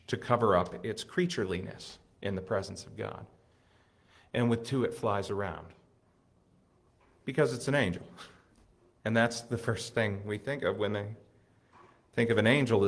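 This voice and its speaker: A man with a fairly low voice delivers a sermon. He talks earnestly, swelling with excitement on key lines and then falling quiet and reflective. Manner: earnest, builds to excited emphasis then drops soft. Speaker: preacher.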